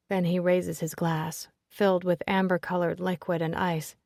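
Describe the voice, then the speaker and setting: A woman with a lowish voice narrating a first-person romance audiobook. Her storytelling is expressive and heartfelt. The recording is close and very dry. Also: moderate pace, gravelly, few pauses, dry recording.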